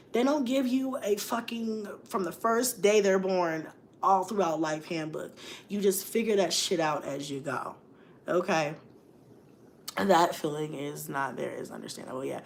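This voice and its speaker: A woman's voice: on the low side, slight background noise. A woman in her thirties talking frankly and emotionally to livestream viewers, often laughing and reading comments. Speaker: mom vlogger on a livestream. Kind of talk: candid livestream chat.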